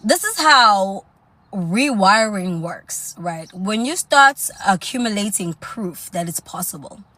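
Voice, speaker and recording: A woman's voice: medium pitch, animated, slow, pushed and bright, dry recording. Woman livestream host, casual coaching talk, sassy and chatty, quips at commenters. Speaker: self-improvement livestream host.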